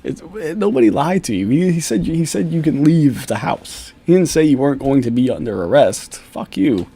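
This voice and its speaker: A man's voice: mid-range voice, big pitch swings, normal speed, mellow, husky. A man giving an angry, profane video commentary, mocking and laughing with scorn. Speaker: YouTube commentator.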